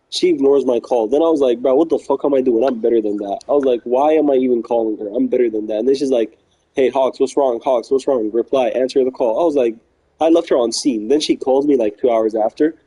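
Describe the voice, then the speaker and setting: In what sounds like a relaxed live-stream chat, a man with a mid-range voice and a very dark, mellow, slightly husky tone rambles through a story in loose slang. He repeats himself, quoting others and circling back to "I was like" and "she's like" as he plays both sides of the exchange. The recording quality is low.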